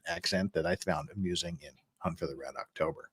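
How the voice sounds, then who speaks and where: A man's voice: sits low, fairly quick, few pauses, breathy edge. A man hosting a casual livestream, reading chat messages and rambling with frequent chuckles and restarts. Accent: American. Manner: lively, rambling, chuckles often, restarts words.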